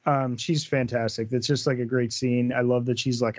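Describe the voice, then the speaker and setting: A man's voice: medium pitch, steady tone, normal speed, dry recording. A man co-hosting a casual podcast chat, enthusiastic and agreeable, laughing often. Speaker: podcast co-host. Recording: dry, dull lo-fi sound.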